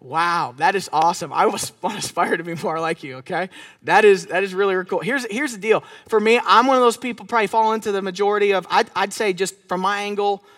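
Lively high-voiced man preaching. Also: quick pace, no room sound, clean studio sound. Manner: conversational, animated storytelling with audience interaction. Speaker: pastor. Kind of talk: sermon with storytelling. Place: church service.

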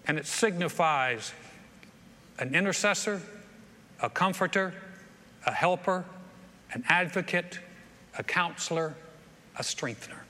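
A man's voice: fairly high pitch, pushed and bright. A man preaching a sermon to a congregation, telling stories with folksy humor and often repeating words as he goes. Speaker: pastor. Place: church sanctuary with live audience. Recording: reverberant hall with faint ambience.

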